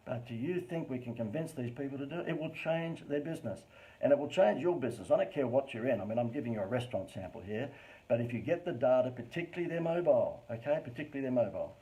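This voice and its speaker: An Australian man presents marketing advice on a live stream in a mellow, warm-toned voice. His inflection is animated and over the top, broken up by chatty, informal asides. His voice sits at an ordinary middle pitch. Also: fast, low-quality recording. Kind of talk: live-streamed business talk.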